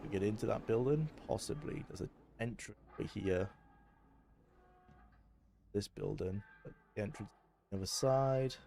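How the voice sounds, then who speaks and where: Low-voiced Welsh man streaming games. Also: vocal fry, warm tone, slight background noise. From Wales. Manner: chatty, barks quick orders at his squad. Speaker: livestreamer. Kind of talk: live gameplay commentary.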